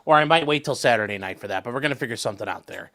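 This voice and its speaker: Animated bright-voiced man chatting. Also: mid-range voice, very fast. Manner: rambling, chatty, breaks off to coo at his pets. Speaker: attorney and livestream host. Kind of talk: casual livestream chat. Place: at home.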